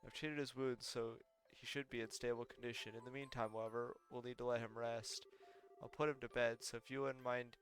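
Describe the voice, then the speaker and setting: Streamer doing an easygoing dad figure, monotone, mid pitch. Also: male voice, brisk, lightly acted. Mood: calm. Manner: flat monotone reading. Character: calm middle-aged father, easygoing.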